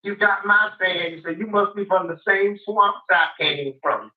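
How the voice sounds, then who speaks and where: A man's voice: sits high, measured pace, far from the mic, phone-quality sound. A man in casual comic banter, teasing and boasting back at the others.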